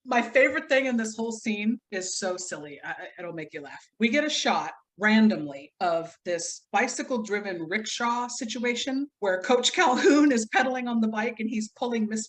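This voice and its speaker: A woman's voice: on the high side, moderate pace, hardly any pauses. A woman co-hosting a movie podcast in casual chat, rambling and often breaking into giggles. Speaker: podcast co-host.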